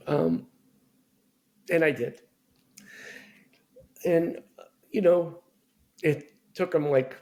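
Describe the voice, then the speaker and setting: A middle-aged man telling candid family stories as a podcast guest, animated, acting out voices of relatives. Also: on the high side, vocal fry. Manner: animated storyteller, acts out family members' voices. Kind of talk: candid storytelling conversation.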